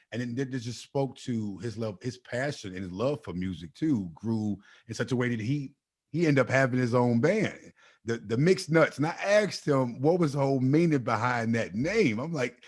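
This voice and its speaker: A man hosting a podcast, telling family stories in casual conversation and slipping into imitations. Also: mid-range voice. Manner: animated storytelling, imitates voices. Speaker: podcast host.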